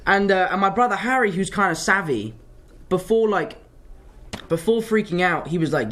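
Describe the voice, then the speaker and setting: Young actor, chatty live Q&A, a touch high, voice swings a lot, pokes fun at himself. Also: male voice, normal speed. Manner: animated, self-mocking storyteller. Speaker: actor answering fan questions. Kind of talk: casual live Q&A.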